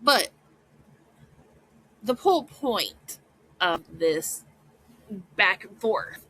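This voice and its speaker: Chatty woman podcast host with a bright voice. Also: medium pitch, lively intonation, very slow, breathy edge, poor audio. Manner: chatty, often asks "right?". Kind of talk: casual commentary.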